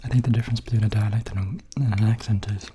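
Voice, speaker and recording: A man in a whispered role-play, softly rambling between bites of food into a close microphone. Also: lowish voice, steady tone, rapid-fire, slight background noise. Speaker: ASMR creator.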